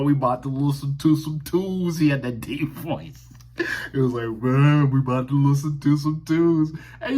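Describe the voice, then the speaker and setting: A man with a fairly low voice hosts a music reaction video and speaks straight to his viewers. He tells a personal story in an earnest, reflective way and often restarts and repeats his words. A faint noise sits under his voice. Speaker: music reaction channel host. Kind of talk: casual talk to camera.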